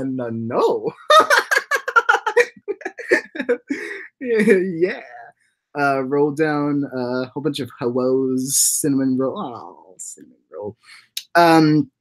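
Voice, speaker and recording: Animated young man rambling on a livestream. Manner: rambling, with many repeated words and restarts; swings often into high, giddy laughing bursts. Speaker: livestream host and animation creator. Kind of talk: casual livestream ramble, reading chat comments.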